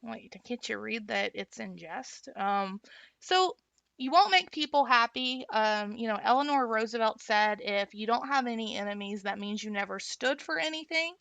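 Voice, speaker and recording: A woman's voice: on the high side, animated, moderate pace, a bit bright, dry recording. A woman giving casual advice as an instructional designer, chatty and rambling, with many fillers and restarts. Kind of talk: casual livestream talk.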